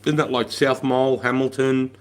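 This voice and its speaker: An Australian man in his forties, chatting casually on a livestream, blunt and rambling, swearing freely, calling everyone mate, and often trailing off quietly. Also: medium pitch, flat delivery, moderate pace. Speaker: livestream host.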